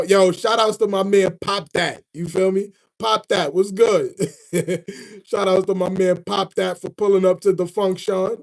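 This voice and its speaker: A man's voice: on the high side, a little mellow. A young man hosts a casual livestream, greeting chat viewers by name in laid-back slang and chuckling often. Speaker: livestream host. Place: at work in front of a green screen.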